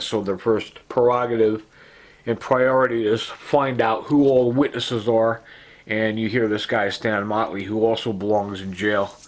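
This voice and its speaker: A man in an urgent, rambling monologue, accusing people and stacking fillers and asides as he talks. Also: lowish voice. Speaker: self-recorded complainant. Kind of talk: agitated monologue.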